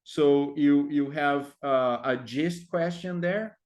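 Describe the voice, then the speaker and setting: Male teacher trainer, somewhat high voice, halting delivery full of fillers. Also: darkish tone. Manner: hesitant, many fillers, frequent tag "right?". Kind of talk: explaining classroom activities.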